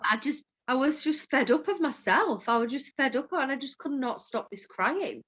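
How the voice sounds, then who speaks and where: A woman's voice: high voice, expressive, normal speed, fairly bright tone, slightly rough. A woman, a mindfulness coach, talking frankly and casually, swearing now and then and laughing easily. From Yorkshire, England. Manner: open, frank, swears freely, laughs often. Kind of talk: candid conversational chat. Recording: dull lo-fi call audio.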